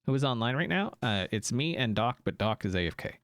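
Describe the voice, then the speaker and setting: A man's voice: mid-range voice, lively intonation, brisk, dry recording. An American man streaming a game, chatting casually with viewers, rambling and correcting himself as he goes. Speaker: gaming streamer. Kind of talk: casual live-stream chat.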